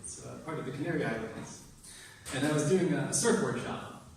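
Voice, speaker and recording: A man's voice: medium pitch, animated, normal speed, vocal fry, background noise. A young American man performing impromptu stand-up comedy, talking to the crowd in a crude, exasperated way. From United States. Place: open mic venue. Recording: echoey room, distant mic, crowd ambience.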